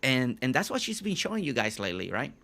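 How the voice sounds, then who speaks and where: A man's voice: medium pitch, very animated, quick pace, vocal fry, pushed and bright. A man hosting a live game stream, chatting casually with viewers, often repeating and restarting his phrases.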